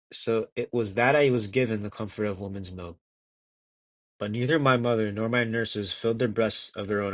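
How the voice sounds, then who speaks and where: A young man with a fairly low voice reads an old devotional text as an amateur audiobook. His delivery is measured and earnest, stumbling now and then and restarting a word. The close, dry recording has almost no room sound. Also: no room sound. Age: young adult. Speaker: audiobook reader.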